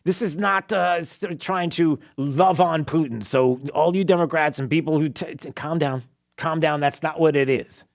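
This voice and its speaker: A man's voice: a little high, moderate pace, vocal fry. A man hosting a talk radio show, giving mocking, opinionated commentary with frequent laughs and filler words. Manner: sarcastic, mocking, laughs often; many fillers and restarts.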